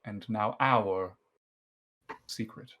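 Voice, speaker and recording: Man voicing a grave king, formal, low voice, slow and measured. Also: bright, forceful tone, full character voice. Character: stern formal male king.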